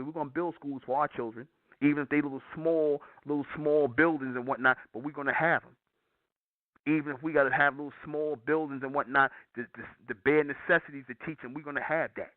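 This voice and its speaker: A man's voice: medium pitch, no echo. A man hosting a call-in show, lecturing his listeners in an emphatic, repetitive way. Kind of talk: preachy call-in monologue. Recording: tinny phone-like line.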